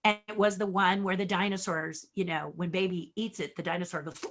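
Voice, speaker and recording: Brief: woman guest, crisp bright tone, animated anecdotes with acted-out bits. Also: lowish voice, brisk. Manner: animated, acts out quotes, laughs often. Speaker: guest puppeteer and designer. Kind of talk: casual storytelling interview.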